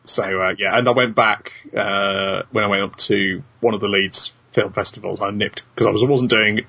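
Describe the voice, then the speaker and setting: A man's voice: lowish voice, fairly even intonation, moderate pace, bright, forceful tone, slightly rough. A man hosting a podcast in casual chat, dry and wry, hesitating with plenty of ums and uhs. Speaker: podcast host.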